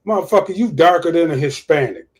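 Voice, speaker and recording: A man's voice: a little high, expressive, quick pace. A man hosting a livestream of casual political commentary, profane and repeating his points for emphasis. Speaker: livestream host.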